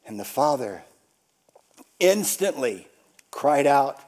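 A male pastor preaching a sermon, repeating phrases for emphasis and swinging between shouts and hushed whispers. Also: on the high side, animated, slow pace.

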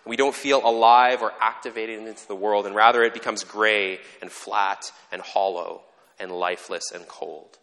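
A man's voice: on the low side, fairly even intonation, moderate pace, fairly bright tone. A man giving a conversational sermon as pastor, earnest and reflective, explaining ideas step by step. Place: church sanctuary. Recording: long reverb of a church hall.

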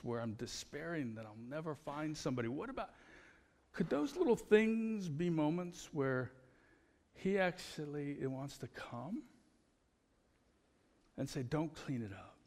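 A man preaching a conversational sermon as pastor, telling personal stories in an animated way. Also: fairly high pitch, creaky, big-room sound.

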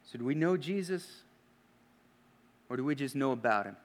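A man preaching a sermon in an earnest, questioning way, often dropping to hushed emphasis. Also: medium pitch, animated, normal speed.

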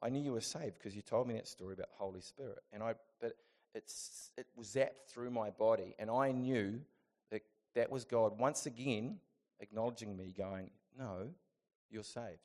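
A man sharing a casual personal testimony, animated and laughing often, sometimes jumping into loud, high acted bursts of his own past voice. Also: moderate pace. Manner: laughs often between phrases. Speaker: Christian vlogger sharing a testimony.

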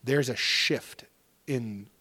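A man in his thirties, a guest on a podcast, telling his stories in a relaxed, conversational way. He speaks earnestly and lets his emotions show. Casual swearing slips into his talk. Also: mid-range voice, extremely slow. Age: 30s. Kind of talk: casual storytelling interview.

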